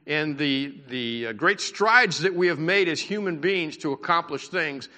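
Male pastor, conversational sermon, bright forceful tone, higher-pitched, church hall reverb. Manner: conversational preaching with asides and laughter.

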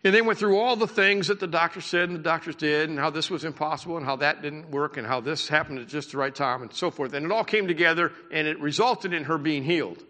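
A pastor preaches from a church pulpit, addressing his congregation in a loose, conversational manner and laughing now and then. His fairly high, bright voice has a pressing edge, and he talks fast with hardly any pauses. A long, reverberant hall tail follows his words.

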